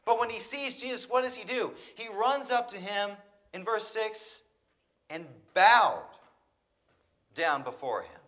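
High, bright-voiced male preacher. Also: expressive, unhurried. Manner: reads scripture then explains with rhetorical questions. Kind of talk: sermon, reading scripture.

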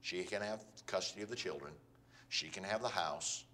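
Brief: aggrieved middle-aged husband in a divorce, low grumbling tone, put on by a preacher. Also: male voice, moderate pace, sharp tone. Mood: resigned.

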